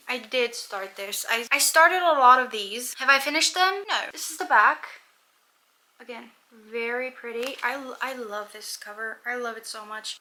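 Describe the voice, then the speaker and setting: Bright, gushing young woman booktuber. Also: on the high side, normal speed, a little hiss or hum. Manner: gushing, chatty, full of asides and restarts. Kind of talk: casual book chat.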